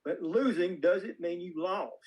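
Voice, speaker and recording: A man's voice: high-pitched, measured pace, a crowd in the background, low-quality recording. A filmmaker guest in a casual interview, a man telling folksy, rambling anecdotes with plenty of restarts.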